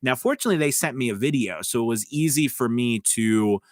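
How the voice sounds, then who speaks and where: A chatty American man with a faint Southern drawl, coaching voice actors in a relaxed livestream. His voice sits at a middling pitch, and he talks in loose, rambling asides full of fillers. The sound is dry and close, with no room echo. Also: fairly quick. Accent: slight Southern US drawl. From United States. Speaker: voice-over coach and livestream host. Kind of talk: casual livestream chat.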